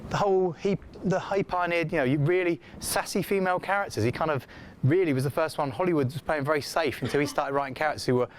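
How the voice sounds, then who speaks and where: A man giving an informal scriptwriting lecture in a classroom, chatty and animated, acting out the feedback he quotes. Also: fairly high pitch, fast talker, a little hiss or hum.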